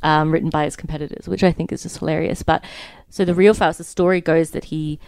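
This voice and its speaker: Low-voiced chatty woman podcaster. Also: steady tone, quick pace, vocal fry, darkish tone, no room sound. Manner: chatty, many fillers, laughs easily. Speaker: podcast co-host. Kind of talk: casual storytelling chat.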